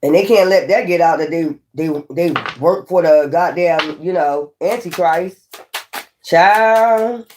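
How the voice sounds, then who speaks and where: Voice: medium pitch, fairly even intonation, unhurried, a little mellow, a little hiss or hum. A tarot reader giving a casual reading straight to viewers, rambling, swearing and hammering points home. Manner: rambling, profane, emphatic.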